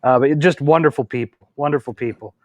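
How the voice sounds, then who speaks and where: A man hosting a casual chat, retelling a shared memory in a quick, friendly way and asking his guest questions. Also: medium pitch, darkish tone, no room sound.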